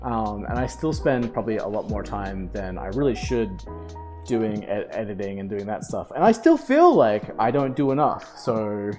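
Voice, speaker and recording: A young man streaming, telling a story to his chat in a casual, animated way, swearing and laughing. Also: fairly low pitch, normal speed, faint music behind.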